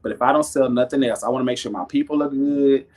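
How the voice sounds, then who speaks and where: A man's voice: medium pitch, fast talker, a little mellow. A man hosting a live stream to sell jewelry, chatting casually with viewers in a folksy, preachy, encouraging way and reading out their comments. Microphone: webcam or phone on a live stream.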